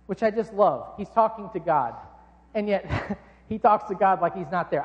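A man's voice: sits high, fairly quick, darkish tone, long reverb tail, muffled recording. A man preaching a sermon in a casual, conversational, jokey way.

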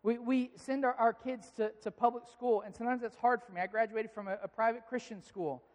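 A man's voice: extremely high pitch, fairly quick. Pastor guy in his 30s telling stories from the pulpit, echo of a big hall behind him. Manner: conversational, storytelling, animated when amused. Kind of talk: sermon with personal stories. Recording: long reverb of a large hall.

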